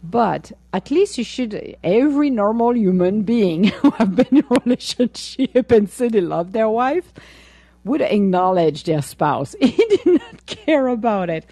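A woman hosting a podcast, chatting casually and telling an animated story, laughing often and acting out her own replies. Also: mid-range voice, measured pace, no echo. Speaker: podcast host. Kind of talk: casual chat.

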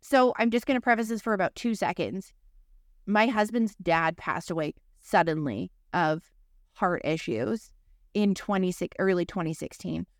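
A woman in her thirties, co-hosting a podcast, tells a personal story in a candid, profane, conversational way. Her voice sits on the low side at normal speed, recorded at studio quality with no echo.

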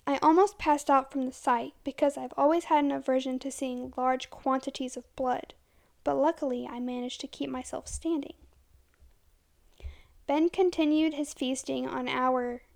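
High, gravelly woman narrating horror. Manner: dramatic, slow and hushed at tense moments.

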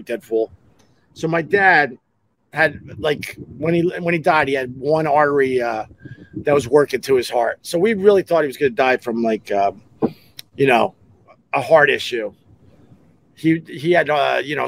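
A radio host, telling rambling stories in a casual, animated way and often breaking off to act out other people's voices. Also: male voice, medium pitch. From Long Island, New York. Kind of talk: casual storytelling podcast.

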